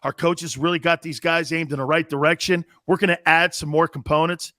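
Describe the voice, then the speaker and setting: A man doing an impression of a calm, evasive football general manager at a press conference, speaking in smooth, noncommittal phrases. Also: a little high, fairly quick, dry recording, studio quality, voice pushed down. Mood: bland.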